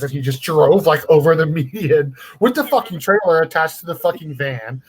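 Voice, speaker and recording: A man's voice: mid-range voice, brisk, few pauses. A man hosting a casual podcast chat, laid-back and profane, saying "dude" a lot. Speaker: podcast host.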